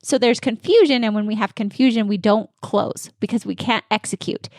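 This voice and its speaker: A woman dental practice consultant giving energetic, confident coaching answers in an interview. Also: a little high, a little fast, no echo, studio quality.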